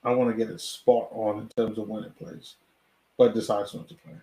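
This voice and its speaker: A man hosting a live watch party, excitedly reacting play by play and often stammering and restarting his sentences. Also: fairly low pitch, fairly quick, echoey room.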